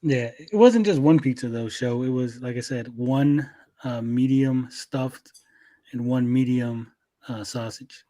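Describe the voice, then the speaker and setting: Male host, casual stream chat, laid-back, swears freely, mid-pitched voice. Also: a little slow, dark tone. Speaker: podcast host.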